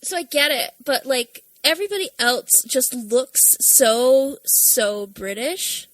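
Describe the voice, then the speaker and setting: Bright-voiced chatty woman podcaster. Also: high voice, animated, takes it slowly, dry recording, poor audio. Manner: chatty, laughs often, swears casually. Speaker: podcast co-host. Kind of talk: casual chat.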